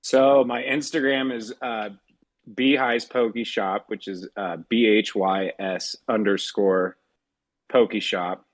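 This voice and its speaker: A man's voice: fairly low pitch, fairly even intonation, slow. A man joining a podcast by video call on his phone, talking in an easygoing, hesitant way. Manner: easygoing, hesitant, restarts words. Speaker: podcast guest. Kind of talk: casual podcast chat.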